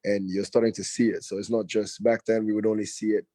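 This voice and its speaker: A young man from Ghana with a hoarse, raspy voice, speaking as a guest in a casual conversation over a video call. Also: on the low side, flat delivery, fast talker, dark tone, no room sound, rough recording. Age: young adult. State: hoarse, has lost his voice. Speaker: guest actor.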